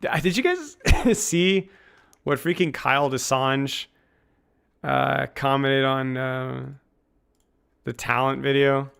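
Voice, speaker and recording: A male streamer with a gravelly, fry-laden voice at a middle pitch, riffing loosely with his chat. He jokes, rambles and chuckles at his own bits, talking into a desk mic. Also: slow, pauses often, fairly bright tone. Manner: joking and rambling, laughs at his own lines. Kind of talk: casual live-stream chat with viewers.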